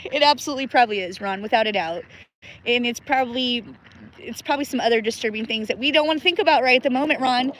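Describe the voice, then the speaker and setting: A woman's voice: a little high, fast talker, a bit bright, a little hiss or hum. A woman chatting casually to her viewers on a live stream from outdoors in a river, giggling often and greeting viewers by name. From Pacific Northwest of the US. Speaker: livestream host.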